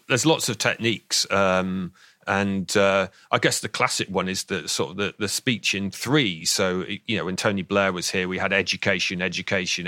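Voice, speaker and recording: A man's voice: low-pitched, sharp tone, no echo, clean studio sound. A man with a southern English accent, a guest on a radio interview, explaining things eagerly and often repeating the first words of a sentence. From southern England. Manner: enthusiastic, explanatory, repeats words when starting sentences, laughs now and then. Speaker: expert guest on voice and speech. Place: radio studio.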